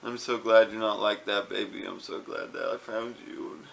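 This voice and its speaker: A man's voice: lowish voice, steady tone, moderate pace, gravelly, fairly bright tone, a little hiss or hum. A man talking casually to a home camera, rambling with fillers and repeated words. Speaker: vlogger. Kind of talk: casual home video talk.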